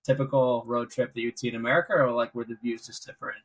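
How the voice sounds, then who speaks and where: Podcast host: man, rapid-fire husky voice, relaxed interviewer. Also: medium pitch, low-quality recording. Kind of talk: casual interview chat.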